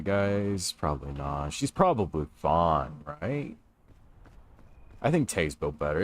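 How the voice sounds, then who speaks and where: Young male gaming streamer, low voice, relaxed chatty delivery, home stream mic. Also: slight background noise. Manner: laid-back, chatty, greets viewers while playing. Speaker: livestreamer. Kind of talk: casual gaming livestream chat. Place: his room at home. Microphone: stream microphone.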